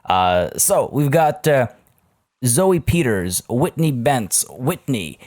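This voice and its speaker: A man's voice: medium pitch, sing-song, slow, a little mellow. A man talking casually as a gaming YouTuber over a let's play, chatty and rambling with many fillers.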